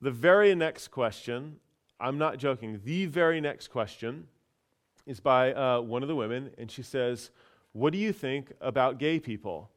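A pastor telling a personal story in a casual, chatty sermon, with many fillers and restarts. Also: male voice, medium pitch, expressive, unhurried.

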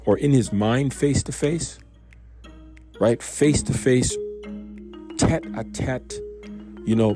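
A man giving a casual, rambling devotional talk on a Bible passage, speaking conversationally and asking many rhetorical questions. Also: fairly low pitch. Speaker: Bible reading host.

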